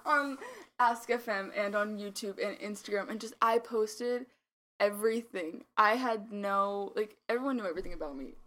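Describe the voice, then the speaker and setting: A woman's voice: medium pitch, moderate pace. An eighteen-year-old woman co-hosting a casual podcast, telling stories with lots of laughter and "like". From United States. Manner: giggly, animated storytelling with frequent "like". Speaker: podcast co-host. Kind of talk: casual chat.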